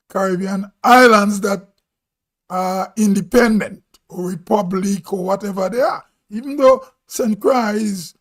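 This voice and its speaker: Grenadian man, high-pitched, slow and musing, casual live-stream host. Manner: slow, musing, thinking aloud. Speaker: vlog host.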